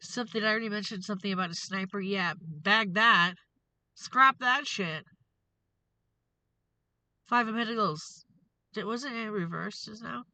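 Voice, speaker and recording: A woman's voice: mid-range voice, bright, forceful tone, dry recording, poor audio. A woman hosting a tarot reading vlog, ranting in an angry, profane, confrontational way. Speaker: tarot reader and show host.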